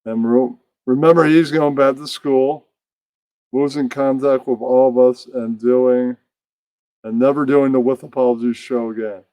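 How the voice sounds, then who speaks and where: A man's voice: mid-range voice, fairly even intonation, measured pace, warm tone, dry recording. A man hosting a comedic puppet show, narrating in a rambling, casual way. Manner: rambling, mumbles to himself between bits.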